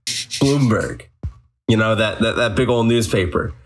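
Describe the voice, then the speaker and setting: A young man co-hosting a podcast, teasing and deadpan in casual chat. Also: on the low side, a little slow, faint music behind. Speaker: podcast co-host. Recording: noisy recording with clicks.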